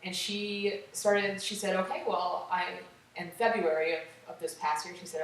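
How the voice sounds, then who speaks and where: A woman telling her story as an interview guest, chatty and animated, with many "like"s. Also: lowish voice, moderate pace. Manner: animated, acts out quotes, many "like"s. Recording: echoey room, distant mic, faint noise.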